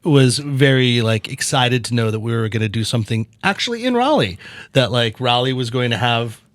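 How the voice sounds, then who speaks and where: Podcast host guy, animated storyteller, mid voice, dry studio sound. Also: moderate pace, no echo. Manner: animated storyteller, swings pitch for quotes. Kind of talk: casual chat.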